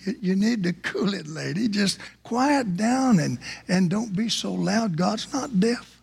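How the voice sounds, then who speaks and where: A man preaching, voicing a fussy male church usher who scolds a loud worshipper. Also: high voice, expressive, a little slow, gravelly, slightly rough, pitched above the performer's own voice, heavily acted. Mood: scolding. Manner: scolding, hushing. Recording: reverberant hall.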